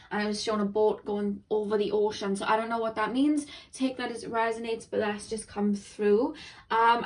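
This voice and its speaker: A young woman giving a chatty tarot reading, rambling and excitable, talking quickly. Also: mid-range voice, recorded from a distance. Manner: excitable, rambling, talks fast. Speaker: tarot reader. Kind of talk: chatty intuitive card reading.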